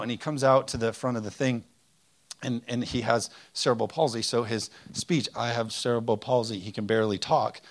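A man preaching a conversational, energetic sermon full of rhetorical questions. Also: mid-range voice. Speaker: pastor.

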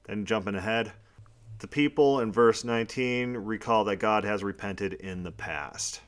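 Low-voiced man teaching Bible study. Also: unhurried, smooth. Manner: reads scripture passages aloud, then explains them plainly.

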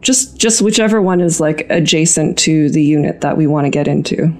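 A woman's voice: deep voice, fairly quick, darkish tone. A woman playing a tabletop game, speaking hesitantly and thoughtfully. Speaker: player. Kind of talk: casual tabletop game play.

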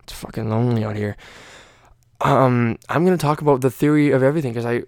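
A man's voice: mid-range voice, fast, darkish tone, no echo. A young man hosting a casual podcast, rambling and swearing with lots of fillers. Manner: rambling, profane, many fillers. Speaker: podcast host.

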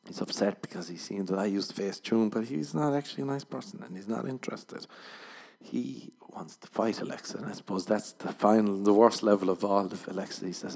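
A man talks through a comic podcast monologue in a low, husky voice. He rambles in a deadpan way, then jumps into loud mock voices. His gravelly texture runs through every line. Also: fairly quick. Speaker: podcast host.

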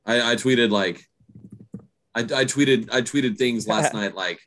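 A man's voice: mid-range voice, normal speed, fairly bright tone. A man co-hosting a podcast in casual sports chat, stammering and self-deprecating, laughing easily. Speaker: podcast co-host.

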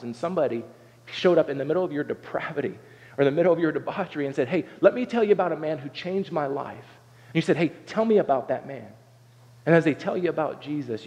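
A man's voice: medium pitch, a little mellow. A man from Southern Ohio preaching a sermon as pastor, earnest and conversational, often stopping to ask "right?" and restarting phrases. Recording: dull sound with long hall reverb.

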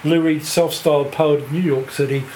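An older man with a New Zealand accent, working as a music writer, shares a rambling story on a podcast, laughing and swearing freely as he goes. His voice is on the high side, a little mellow and steady in tone, at a moderate pace. Faint hiss and an echoey room are audible.

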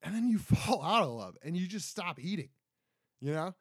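A man in his twenties rants casually into a close podcast mic, rambling and poking fun at himself. His fairly high voice swings widely in pitch. The sound is dry, with no room echo. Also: sing-song, moderate pace, breathy edge. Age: 20s. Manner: rambling, self-deprecating, frequent restarts and "right?". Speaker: podcast host. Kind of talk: casual solo podcast rant.

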